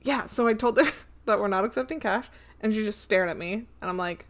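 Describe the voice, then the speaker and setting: A woman's voice: lowish voice, brisk. A young woman in casual chat, telling work stories and laughing often between lines. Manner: giggly storyteller, laughs often, acts out customers. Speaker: store clerk.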